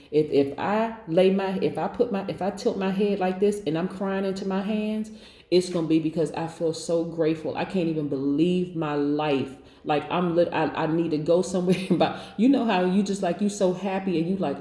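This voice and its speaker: Chatty, excited woman tarot reader with a warm, mellow voice, recorded in an echoey room. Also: deep voice, fairly quick. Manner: enthusiastic, chatty, encouraging. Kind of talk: casual tarot reading to viewers.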